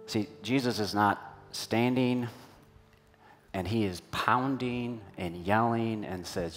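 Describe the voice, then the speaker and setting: A man's voice: on the low side, takes it slowly, a bit bright, faint music behind. A man preaching a sermon in a church, telling a personal story and asking the congregation questions in a conversational way. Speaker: pastor.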